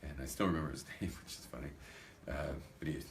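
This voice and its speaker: A man's voice: very deep voice, fast talker, a little hiss or hum. A rabbi telling funny anecdotes to an audience, acting out the dialogue as he goes. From United States. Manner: animated anecdotal storytelling, acts out dialogue. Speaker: rabbi giving a talk. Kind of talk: storytelling talk to a live audience.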